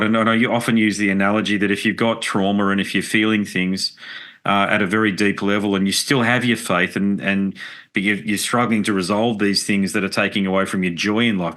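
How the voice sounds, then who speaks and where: A man with a fairly low voice hosts a podcast conversation. He talks casually and likes to tell anecdotes. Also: steady tone, brisk, fairly bright tone. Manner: chatty, anecdotal storyteller. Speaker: podcast host.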